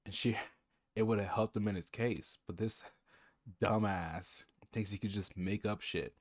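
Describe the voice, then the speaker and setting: A man's voice: fairly low pitch, steady tone, unhurried. A man streaming, reacting to a clip with mocking, sarcastic commentary.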